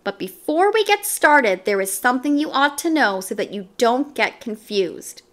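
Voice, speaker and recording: A woman voicing a friendly young male yard teacher who tells a story to a class with patient, lively storytelling. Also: a little high, normal speed.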